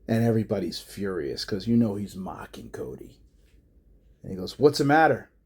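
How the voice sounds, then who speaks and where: A man casually narrating a wrestling storyline idea in a low-key, unhurried way. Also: lively intonation, mellow, slightly rough. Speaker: fan pitching a wrestling storyline.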